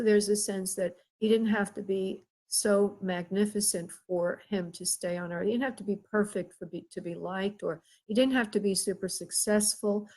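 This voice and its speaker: Hosting a live psychic reading, a woman speaks in a slightly husky, breathy voice at an ordinary mid-range pitch. She talks haltingly, pausing often and using fillers, and gently calls her caller "honey" or "love." The audio quality is poor.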